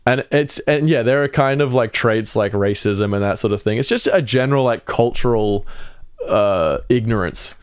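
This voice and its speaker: A man's voice: medium pitch, normal speed, clear, resonant tone, dry recording, studio quality. A young American man hosting a podcast in casual chat, curious and hesitant, asking questions with many fillers. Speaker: podcast host.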